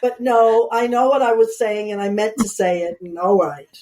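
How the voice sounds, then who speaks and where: A woman's voice: mid-range voice, steady tone, moderate pace, mellow, a little hiss or hum. A woman in her sixties from New York, an outgoing guest author chatting casually and telling stories with quoted asides. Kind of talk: casual conversation.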